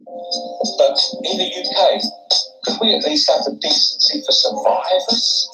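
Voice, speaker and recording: A man's voice: high voice, very animated, unhurried, sharp tone, low-quality recording. Emphatic man ranting over music. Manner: emphatic, argumentative. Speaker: livestreamer in a played clip. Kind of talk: ranting monologue. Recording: clip with music underneath.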